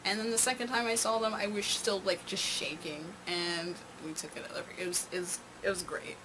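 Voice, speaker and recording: A woman's voice: fairly low pitch, fairly even intonation, a little fast. A young woman telling a casual storytime in a rambling way, with many fillers and restarts. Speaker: vlogger. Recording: noisy home recording.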